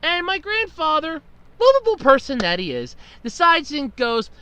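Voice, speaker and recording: A man's voice: very high voice, huge pitch swings, moderate pace, sharp tone, no echo. A man hosting a podcast, telling a long story in a rambling, exasperated way and swearing freely. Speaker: podcast host. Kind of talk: casual storytelling monologue.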